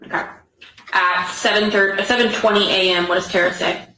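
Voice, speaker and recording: A woman's voice: medium pitch, fairly even intonation, brisk, background noise. A woman attorney questioning a witness in court with brief, prompting questions. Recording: echoey courtroom audio.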